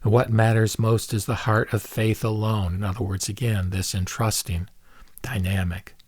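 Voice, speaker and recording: A man giving a reflective spoken commentary on a Buddhist scripture, speaking in a measured way and slowing down to stress key words. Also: on the low side, flat delivery, breathy edge, no echo.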